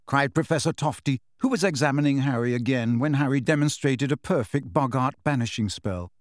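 A man of middling pitch reads storybook narration in a steady, measured way. He is close to the mic in a dry, dead-quiet booth. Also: no room sound. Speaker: audiobook narrator.

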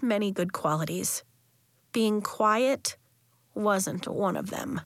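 Expressive woman narrating a children's book. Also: medium pitch, slow, vocal fry, dry recording, clean studio sound. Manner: expressive, storytelling. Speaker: audiobook narrator. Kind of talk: scripted narration of a children's novel.

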